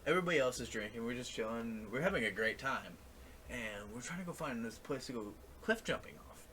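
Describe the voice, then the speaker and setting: Young male co-host, casual storyteller, lively delivery, faint hiss behind. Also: medium pitch, brisk. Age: young adult. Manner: animated storyteller, gets loud and laughs while telling stories. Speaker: podcast co-host. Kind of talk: casual chat.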